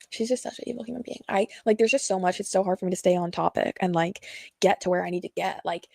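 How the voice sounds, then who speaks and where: A woman's voice: fairly low pitch, a little fast, vocal fry, pauses often, no room sound. A young woman telling a painful personal story to her viewers, rambling and slangy with many fillers, nervous and close to tears. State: nervous, sweating.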